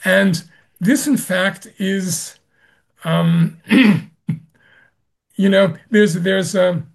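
A man, a Zen master, answering an interview question with slow, gentle storytelling and soft laughs. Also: high voice, fairly even intonation, vocal fry.

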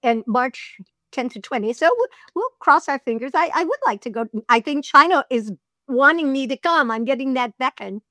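A woman's voice: high voice, lively intonation, sharp tone, no room sound, studio quality. A middle-aged woman, a voiceover artist and audiobook narrator, chatting in an interview and telling stories with easy laughs. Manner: chatty, storytelling, quick to laugh. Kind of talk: casual interview chat.

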